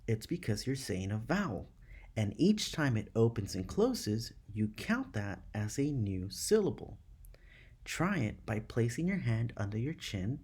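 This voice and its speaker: A man teaching students in a scripted lesson, explaining slowly and carefully. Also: medium pitch, a little mellow, slightly rough.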